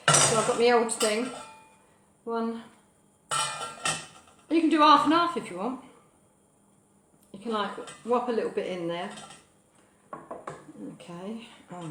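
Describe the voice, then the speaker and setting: A woman's voice: mid-range voice, background noise. Chatty British woman cooking live. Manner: cheerful, rambling, cheeky asides, bursts of loud whoops. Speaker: cooking show host. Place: home kitchen. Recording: echoey kitchen with clattering dishes.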